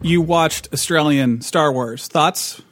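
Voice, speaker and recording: This tabletop gaming podcast co-host takes it slowly in a voice on the high side, with no echo. He chats casually, rambles, restarts himself and laughs a lot.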